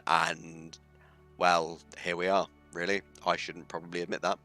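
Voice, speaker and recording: A man's voice: low voice, flat delivery, normal speed, pushed and bright, faint music behind. A man streaming a story game, reading its text aloud with chatty, self-mocking asides.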